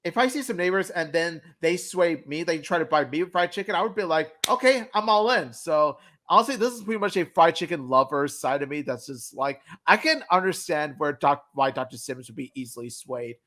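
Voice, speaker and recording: A man's voice: on the high side, expressive, brisk, few pauses, a bit bright. A man co-hosting a cartoon review stream, chatting casually and giving strong opinions with plenty of fillers.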